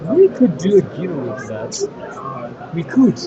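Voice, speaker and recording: A man's voice: high voice, huge pitch swings, a little slow, muffled recording. A man with a French accent co-hosting a live event stream, chatty and teasing while running a giveaway. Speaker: livestream co-host. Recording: crowd noise behind.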